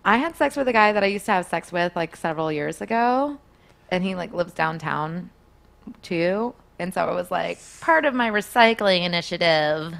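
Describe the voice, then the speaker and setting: A young woman telling a story in casual chat, animated and often laughing, acting out quotes in a higher voice. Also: moderate pace, creaky.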